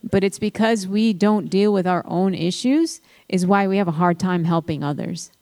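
A woman's voice: fairly low pitch, normal speed, warm tone, dry recording. A woman speaking earnestly about faith and love, preaching to listeners in a panel talk. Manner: earnest, exhorting. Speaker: Christian speaker.

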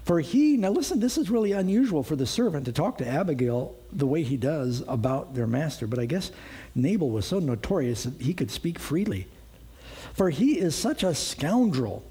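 A man's voice: on the high side, expressive, brisk, mellow, slightly rough. A man preaching a sermon, reading Bible verses aloud and adding conversational asides to the congregation.

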